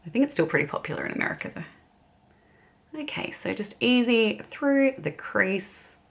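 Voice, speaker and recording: A woman's voice: mid-range voice, big pitch swings, normal speed, creaky. An Australian woman chatting casually as a beauty vlogger while doing her makeup, giggling often. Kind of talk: casual get-ready-with-me chat.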